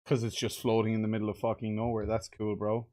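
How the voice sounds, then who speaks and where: A man's voice: fairly low pitch, monotone, fast talker, dark tone. A man streaming game development, swearing and muttering in frustration as he follows a tutorial. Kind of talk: casual game dev livestream.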